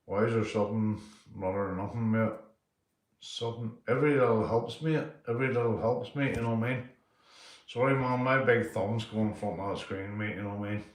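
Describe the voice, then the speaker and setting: A man's voice: on the low side, steady tone, fairly quick, reverberant, distant mic. Rambling Northern Irish man, fifties. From Northern Ireland. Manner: rambling, repeats himself, swears, ends lines with mate. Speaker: livestream host. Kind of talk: casual live chat reading comments.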